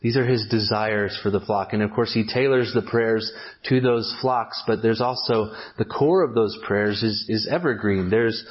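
A man preaching an expository sermon at a measured pace, often restarting with fillers as he explains a passage. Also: on the low side, slightly rough, highs cut off. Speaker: pastor.

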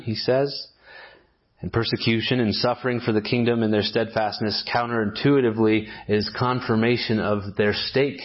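A low-voiced pastor delivers a sermon, working through a text in a measured, explanatory manner. He pauses on fillers and restarts phrases as he thinks. The recording is dull and lo-fi.

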